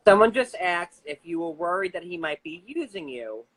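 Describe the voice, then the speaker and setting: A man hosting a live stream, asking rambling questions full of filler words and swearing when he gets excited. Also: sits high, normal speed, poor audio. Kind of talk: casual live-stream interview.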